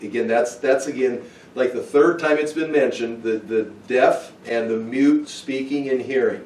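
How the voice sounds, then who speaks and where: A man's voice: medium pitch, normal speed, darkish tone. A man teaching a Bible study who thinks aloud with restarts and asides. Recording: roomy, from far off the mic.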